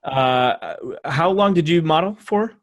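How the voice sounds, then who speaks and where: A man's voice: fairly high pitch, expressive, slow. An American man hosting a podcast, asking short curious questions. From United States. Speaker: podcast host. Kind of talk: casual interview chat.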